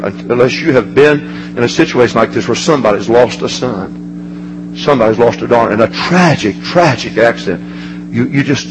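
A man preaching a fervent sermon. He swings between ringing shouts and low, hushed passages. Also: noisy background.

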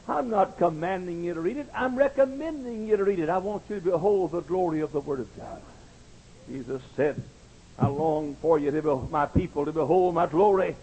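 A man preaching a heartfelt sermon, his voice pitched high with a gravelly, husky edge. He drops to near whispers, then rises to full ringing declarations. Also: normal speed, dull audio. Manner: fervent, swinging between hushed and ringing tones. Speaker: pastor.

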